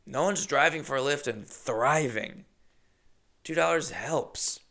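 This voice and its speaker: A young man hosting his own show, telling comic stories in an animated, chatty, jokey way. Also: fairly high pitch, slow, gravelly. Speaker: comedian host. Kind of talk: comedic storytelling monologue.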